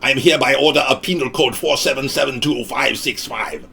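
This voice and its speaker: A man's voice: medium pitch, fairly quick, vocal fry, sharp tone, slightly rough, full character voice. A man putting on the voice of a cold, menacing male robot police officer, speaking in stiff, commanding tones.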